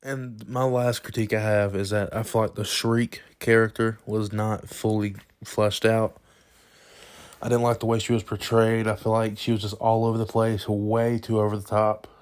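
A young man talks through a movie review in a loose, rambling way, restarting sentences and leaning on "you know." His voice sits low and stays fairly even in pitch, even when he gets excited. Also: moderate pace. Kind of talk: casual spoken movie review.

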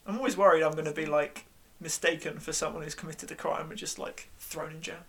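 A man's voice: fairly high pitch, fairly even intonation, fairly quick, a loud crowd. A man in casual conversation, rambling through ideas with frequent restarts and fillers. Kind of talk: casual chat.

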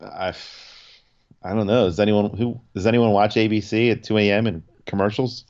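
A man's voice: on the low side, normal speed, lo-fi sound. A man co-hosting a podcast, telling a story in casual chat with lots of restarts and fillers. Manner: animated storytelling, many restarts and 'like'. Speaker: podcast co-host.

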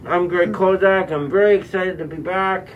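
A man hosting a playful home show, speaking haltingly with many restarts. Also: high voice, steady tone, recorded from a distance, phone-quality sound, background noise. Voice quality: hesitant, halting. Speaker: show host.

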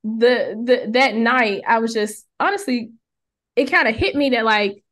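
A young woman co-hosting a casual faith podcast, telling a personal story in a lively way and acting out the voices she quotes. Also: on the high side, measured pace. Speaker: podcast co-host.

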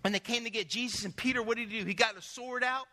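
Pastor guy preaching, high bright voice, big church echo, keeps asking the crowd questions. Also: quick pace. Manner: animated storytelling, asks the congregation questions. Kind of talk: sermon.

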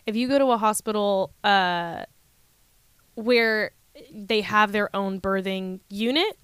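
Smooth-voiced woman telling her story. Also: mid-range voice, slow pace, a bit bright, no room sound. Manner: candid, laughs often, quotes people in voices. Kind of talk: casual conversation.

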